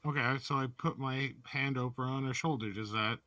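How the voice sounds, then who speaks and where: Bright man at a distance, dry sound. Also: mid-range voice, steady tone, normal speed, no echo. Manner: inquisitive, describes his actions. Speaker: player. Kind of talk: tabletop game play.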